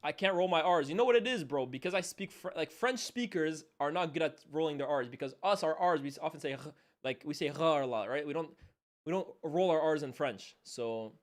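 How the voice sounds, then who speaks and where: Excitable young streamer man, slightly high. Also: fairly quick. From Canada. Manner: casual slangy chatter, loud reactions then quiet asides. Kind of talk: live match watchalong commentary.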